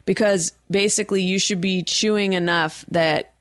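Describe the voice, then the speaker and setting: A woman's voice: medium pitch, steady tone, normal speed, no echo, studio quality. A woman hosting a call-in podcast, chatting casually with callers in a wry, rambling way. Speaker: podcast host taking calls. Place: California.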